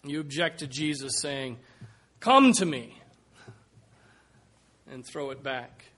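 Slow, bright-voiced male preacher. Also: a little high, lively intonation. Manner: slow and emphatic, swinging from hushed to loud. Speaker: pastor. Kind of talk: sermon.

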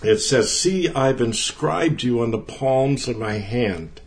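This earnest, conversational Bible lesson comes from a man with a typical mid-range voice who talks slowly but with lively intonation. He stresses important words and says them again to drive them home.

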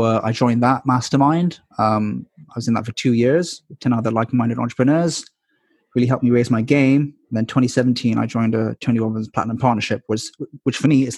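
A man's voice: mid-range voice, vocal fry, darkish tone, slightly rough, dry recording, clean studio sound. A man in his twenties or thirties, a podcast guest, telling his life story candidly with many ums and likes. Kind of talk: casual storytelling interview.

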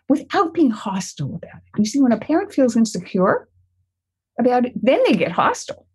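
A woman's voice: a little high, big pitch swings, fairly quick, darkish tone, breathy edge. An older woman, a parenting expert, answering interview questions and telling a family story, acting out the voices she quotes.

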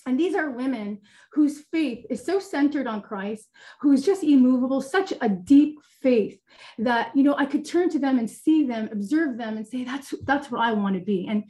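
A woman's voice: sits high, animated, normal speed, dark tone. A woman giving a candid personal faith testimony on a webinar, speaking earnestly with many fillers over a video call. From Italian heritage. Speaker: guest sharing her testimony.

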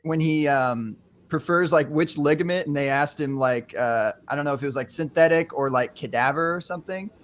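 A man hosting a casual sports chat, rambling and halting with lots of fillers. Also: a little high.

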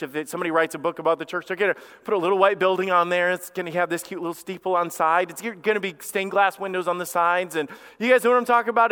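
A man preaching a sermon as pastor, emphatic, dropping low and quiet when he reads scripture. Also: clear, resonant tone. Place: church sanctuary. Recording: reverberant church hall.

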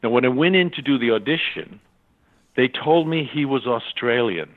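Older male voice actor from California, animated storyteller who slips into other people's voices; heard through a thin, phone-like line. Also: medium pitch, normal speed. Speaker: voice actor guest. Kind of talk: anecdotal storytelling. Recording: tinny phone-line sound.

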